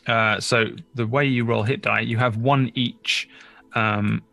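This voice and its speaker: A man's voice: medium pitch, fairly even intonation, takes it slowly, creaky, bright, forceful tone, no room sound, faint music behind. A man running a tabletop game as game master, in a laid-back, casual way with lots of fillers.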